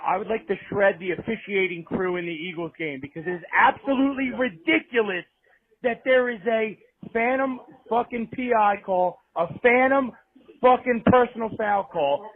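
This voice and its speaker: Exasperated man ranting on a phone. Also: high voice. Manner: exasperated, swearing. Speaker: caller. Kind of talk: fan voicemail rant. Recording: phone line.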